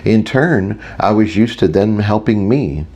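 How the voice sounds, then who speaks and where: A man with a very low, deep voice narrates a first-person audiobook. His delivery is wry and self-mocking, like someone talking through his own thoughts. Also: expressive, a little slow, warm tone.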